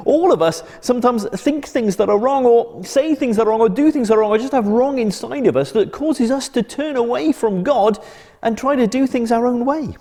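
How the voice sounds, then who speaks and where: A man presenting a children's church club, telling a Bible story gently and expressively. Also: very high-pitched, long reverb tail.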